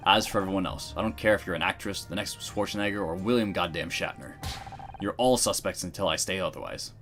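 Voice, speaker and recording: A man's voice: deep voice, quick pace, over music. A man voicing a stern, impatient senior detective in a game, giving curt commands.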